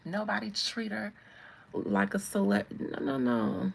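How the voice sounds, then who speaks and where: A woman hosting her channel, giving casual, animated celebrity commentary, laughing often and talking straight to her viewers. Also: medium pitch, unhurried, vocal fry, breathy edge, low-quality recording. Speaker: channel host.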